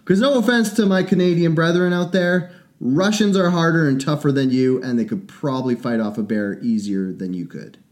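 A man in casual podcast chat, rambling and opinionated, swearing often as he thinks out loud. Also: a little high, moderate pace.

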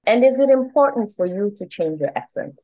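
A woman's voice: mid-range voice, expressive, a little fast, warm tone, rough recording. A South African woman hosting an interview, asking questions with brief, encouraging prompts. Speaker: podcast host.

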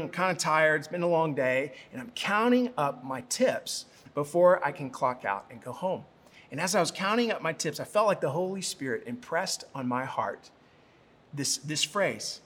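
A man's voice: high-pitched, fairly bright tone, slightly rough. A man preaching a sermon as pastor, telling stories animatedly and laughing now and then.

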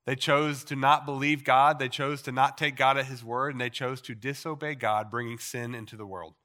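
A man preaching a sermon as a pastor, slowing down to stress key phrases and letting his sentence endings drop soft and quiet. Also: medium pitch, fairly even intonation. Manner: preaching with slow emphatic repetitions and trailing quiet phrase endings. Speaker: pastor teaching a Bible series.

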